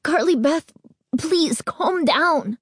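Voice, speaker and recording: A woman's voice: mid-range voice, flat delivery, unhurried, creaky, dark tone, dry recording, studio quality. A woman reading an audiobook, voicing a worried young girl who anxiously pleads with her friend. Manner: urging, pleading.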